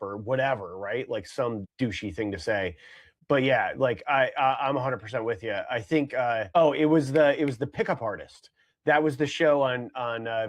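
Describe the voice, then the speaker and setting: Guy cohosting a podcast, rambly, lots of likes and you knows, mid pitch. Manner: rambling, many fillers and restarts. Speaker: podcast co-host. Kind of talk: casual podcast banter.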